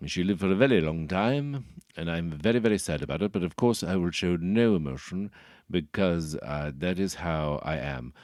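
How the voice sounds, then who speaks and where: Stiff posh upper-class Englishman, pompous and deadpan, deep voice lifted a little, dry close sound, as a man puts him on. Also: moderate pace, dry recording.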